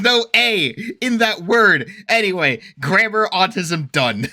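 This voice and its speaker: A man reacts to a video in loose, rambling talk full of fillers and quick laughs. His voice is very bright and cutting, and his pitch swings widely as he works himself into excitable, mock-indignant rants. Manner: rambling, laughs often, heavy use of fillers. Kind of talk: casual reaction commentary.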